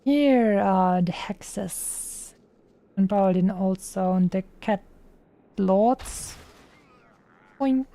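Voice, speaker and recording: Slow, mellow-voiced woman streamer. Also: mid-range voice. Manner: playful, chatty, makes silly sound effects. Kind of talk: casual gaming chat.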